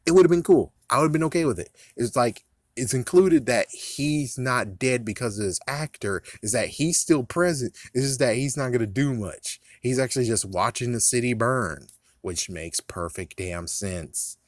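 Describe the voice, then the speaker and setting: A man's voice: medium pitch, expressive, moderate pace, no echo, clean studio sound. A man in casual movie commentary, rambling, swearing and laughing at his own jokes. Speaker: vlogger.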